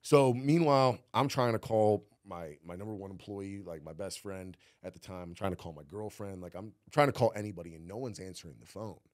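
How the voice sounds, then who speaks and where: A deep-voiced former cannabis cultivator speaks briskly with hardly any pauses as he tells a loose, rambling story in an interview, heavy on "like" and sprinkled with swearing. The recording is dry and clean, studio grade.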